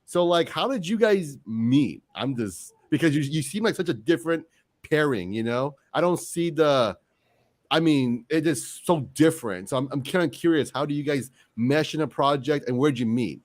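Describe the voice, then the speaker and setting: A man's voice: fairly high pitch, lively intonation, normal speed. A man hosting a casual online interview, chatty and giggling often. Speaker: host.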